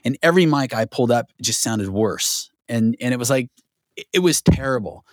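A man tells a long story as a podcast guest, talking in an animated rush full of restarts and "like". His voice sits at an ordinary middle pitch, and the sound is dry and close, with no room echo. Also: fairly quick. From Southern California. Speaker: guest, record producer. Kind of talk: casual storytelling interview.

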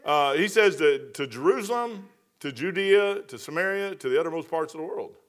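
A man's voice: fairly high pitch, lively intonation, moderate pace, a bit bright. A man, preaching a folksy sermon with casual asides and self-mocking humor. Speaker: pastor.

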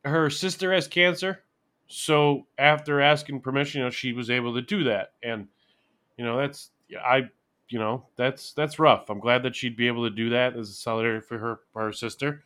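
A man co-hosting a podcast in casual chat, rambling and self-deprecating as he thinks out loud. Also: mid-range voice, steady tone, normal speed. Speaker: podcast co-host.

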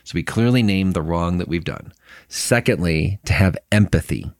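A man in his thirties co-hosting a faith podcast, talking in a warm, earnest way and laughing easily. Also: deep voice, moderate pace, no echo, clean studio sound. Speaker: podcast co-host. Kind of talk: casual conversation about marriage and faith.

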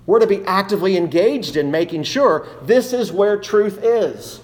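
A man's voice: sits high, expressive, moderate pace, a little mellow. A man preaching a sermon as pastor, earnest, reading scripture aloud in old King James wording.

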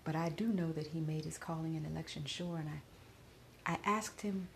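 A grieving middle-aged woman speaks in a fairly low voice, her words often sinking into a soft whisper. It is a personal reflection, recorded with a faint hiss underneath. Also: moderate pace, gravelly. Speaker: podcaster.

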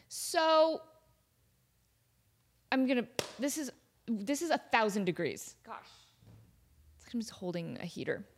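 Bubbly woman host telling stories. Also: mid-range voice. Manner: bubbly, animated, giggly. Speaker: podcast host. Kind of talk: casual storytelling.

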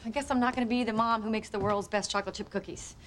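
A woman's voice: a little high, fairly even intonation, racing, heavy background noise, lightly acted. An actress playing a driven young woman trying to bake cookies, earnest and frustrated. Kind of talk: sitcom acting.

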